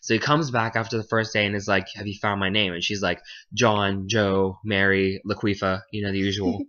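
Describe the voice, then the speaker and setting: A man's voice: on the low side, little pitch movement, a little fast, pushed and bright. A young man casually retelling a fairy tale in slang, flippant and jokey, briefly acting out the characters. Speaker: storyteller. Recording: dull lo-fi home recording.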